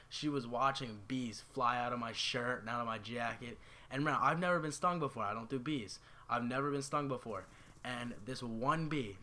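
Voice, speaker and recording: A young man with a bright, forward voice tells a personal story to his viewers. He rambles through it casually, with plenty of "like" and "you know" as he goes. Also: mid-range voice. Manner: rambling, filler-heavy, animated retelling. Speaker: YouTuber.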